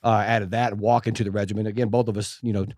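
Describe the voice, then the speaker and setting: A man's voice: on the low side, level tone, fast talker, a little mellow, no room sound, clean studio sound. A man co-hosting a comedy podcast, laid-back and teasing, laughing often in casual chat.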